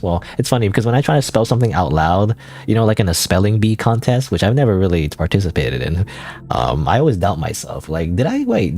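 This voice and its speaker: A male streamer thinking out loud as he plays, his low voice bouncing around in pitch. He rambles, doubling back and correcting himself, with soft music faint in the background. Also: creaky. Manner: rambling, with many fillers and self-corrections. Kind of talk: casual let's-play commentary.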